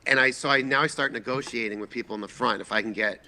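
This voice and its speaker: A man in his forties from the Boston area, a guest filmmaker telling a lively, profane anecdote and acting out the voices in it. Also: medium pitch, quick pace. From Boston area, USA. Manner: animated, profane, acts out voices in his stories. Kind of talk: casual storytelling anecdote.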